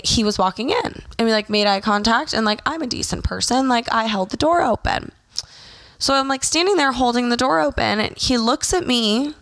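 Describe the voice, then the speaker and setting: A young woman ranting casually to camera, blunt and profane, packing her story with fillers and lively storytelling. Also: a little high, vocal fry. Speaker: vlogger.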